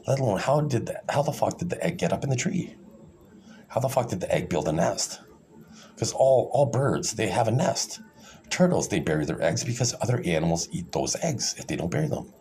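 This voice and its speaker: Low, gravelly man ranting to camera, sarcastic and condescending, swings his pitch widely. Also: sing-song, fairly quick, dark tone, slight background noise. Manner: sarcastic, condescending, full of fillers and restarts. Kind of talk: rambling monologue.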